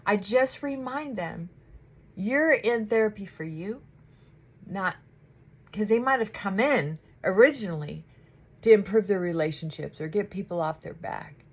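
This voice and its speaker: A woman therapist chatting casually while doing her makeup, animated and acting out her clients' voices. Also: medium pitch, a little slow, slightly rough.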